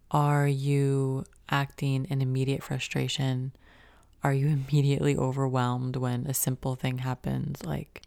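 A young woman hosts a reflective self-help podcast, her voice low and mellow with a gravelly edge. She speaks conversationally, poses question after question, and sometimes drops to a near whisper. The recording is dry and close. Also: no room sound. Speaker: podcast host.

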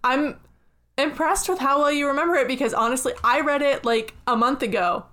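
Young woman, podcast co-host, casual chat, giggly, slightly high voice. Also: brisk, bright, forceful tone. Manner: giggly, frank.

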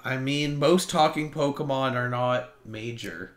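A man chatting casually about a movie with a friend, talking in quick, animated bursts. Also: medium pitch. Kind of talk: casual chat.

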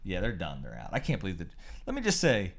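A man co-hosting a podcast, telling rambling, animated stories in casual chat and swearing freely. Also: deep voice, fast talker. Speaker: podcast co-host.

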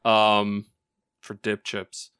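Bright-voiced man telling crude stories. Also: on the low side, drawn-out words, clean tone, no room sound, clean studio sound. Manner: rambling, profane, animated storytelling. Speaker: podcast co-host. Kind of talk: casual crude podcast banter.

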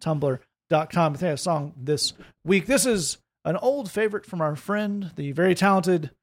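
A man's voice: sits high, normal speed. A man hosting a casual faith podcast, joking wryly and wrapping up the show. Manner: wry, joking, relaxed delivery. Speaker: podcast host.

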